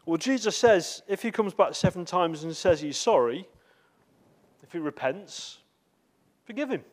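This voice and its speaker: A man's voice: high-pitched, animated, unhurried. A man preaching a sermon, telling a story with acted quotes and many repeated words. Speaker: visiting preacher.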